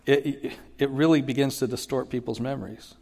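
A man's voice: mid-range voice, a little fast, vocal fry. Man preaching in a reverberant hall. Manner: animated teaching, acts out Bible quotes with rising emphasis. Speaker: pastor. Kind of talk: sermon.

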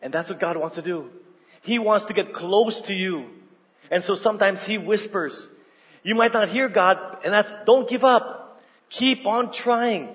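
High-voiced man preaching a sermon. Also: highs cut off. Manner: emphatic preaching with call-and-response questions. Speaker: pastor. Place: church hall.

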